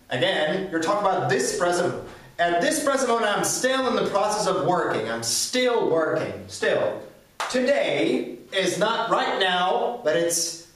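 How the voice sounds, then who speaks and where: Echoey, high-voiced man teaching grammar. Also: fairly bright tone, distant mic. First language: Ukrainian. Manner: patient, repeats "all right?" and "okay?". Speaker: English teacher. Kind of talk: explanatory lesson. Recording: echoey room, speaker away from the mic.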